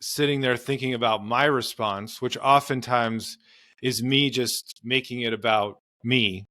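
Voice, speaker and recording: A man's voice: medium pitch, steady tone, unhurried, bright, forceful tone, dry recording, studio quality. A man, a marriage and family therapist, explaining in earnest conversational interview advice with frequent fillers. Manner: earnest, explanatory, many "you know" fillers.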